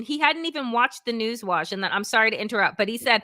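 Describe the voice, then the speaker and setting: A woman political analyst co-hosting a casual talk show, telling an animated story and acting out what other people said. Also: on the high side, fast talker. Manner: animated, acts out quoted voices, laughs often.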